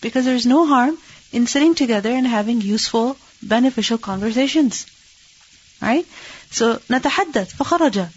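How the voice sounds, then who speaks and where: A woman's voice: on the high side, animated, fairly quick, breathy edge, muffled recording. A woman teaching an Islamic hadith lesson, reading Arabic text and explaining it in English, asking and answering her own questions.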